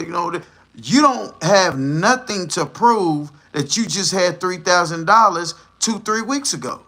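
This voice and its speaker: A man's voice: sits high, expressive, unhurried, bright, forceful tone. A man hosting a livestream, giving blunt, profane and scornful reaction commentary. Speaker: livestream host.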